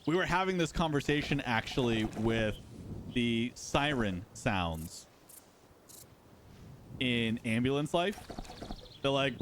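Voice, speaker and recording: A man's voice: medium pitch, animated, slow pace, pauses often, a bit bright, a little hiss or hum. A man hosting a live stream, giving casual, playful commentary while playing and talking to his chat. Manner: chatty, playful, talks to chat.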